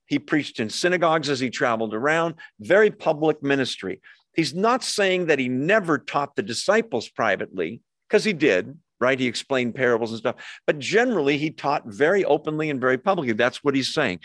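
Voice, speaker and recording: A man's voice: medium pitch, big pitch swings, fairly quick, fairly bright tone, no echo. Man teaching Bible study in a dry room. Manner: explains verse by verse, asides and self-corrections. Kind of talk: conversational scripture teaching.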